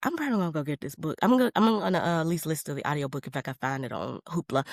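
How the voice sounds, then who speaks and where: A woman's voice: deep voice, very fast, hardly any pauses, no room sound, studio quality. Chatty woman, rambling podcast host. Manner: chatty and rambling, animated, with laughs and slang. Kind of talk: casual solo podcast chat.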